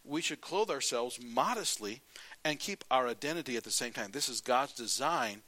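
A man preaching a sermon as pastor, telling stories in a lively way and reading scripture aloud. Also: medium pitch, normal speed. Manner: animated storytelling, then plain scripture reading.

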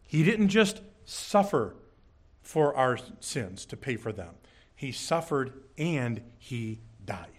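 A young adult man preaching a sermon as pastor, telling a funny story with quick jokes and sudden high-pitched bursts. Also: very animated.

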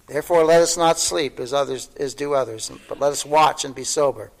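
Fervent preaching man, raised pitch. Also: brisk, low-quality recording. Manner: fervent preaching with rising exclamations; conversational asides and tag questions. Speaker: pastor. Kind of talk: sermon.

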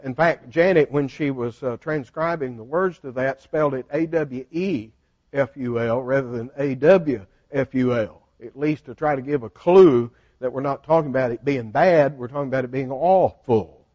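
An older man teaching a Bible study in a folksy storytelling manner, animated and laughing often. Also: medium pitch, normal speed, no echo. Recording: dull, dry lo-fi recording.

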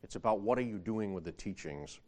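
A man's voice: fairly low pitch, animated, fairly quick, darkish tone. A man preaching a sermon in a conversational way, often asking the listeners rhetorical questions and rising in emphasis when he quotes scripture.

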